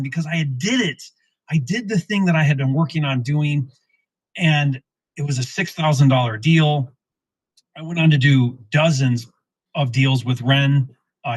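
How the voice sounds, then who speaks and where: A middle-aged man telling a real estate story in casual lesson form, acting out the dialogue with lively restarts. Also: mid-range voice, husky, no echo, low-quality recording. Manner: animated, acts out quoted dialogue, frequent restarts. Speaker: real estate investor teaching wholesaling.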